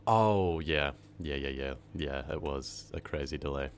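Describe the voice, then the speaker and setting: Deep-voiced New streamer chatting. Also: male voice, a little slow, a little hiss or hum. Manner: rambling, chatty, hums and sings to himself. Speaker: horror story narrator and live streamer. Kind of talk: casual live-stream chat. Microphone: streaming microphone.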